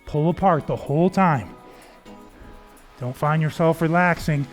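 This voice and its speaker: A man with a slightly higher voice coaches a home workout, steady and encouraging as he calls out form cues and counts reps. Soft music plays faintly underneath. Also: unhurried. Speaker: fitness coach.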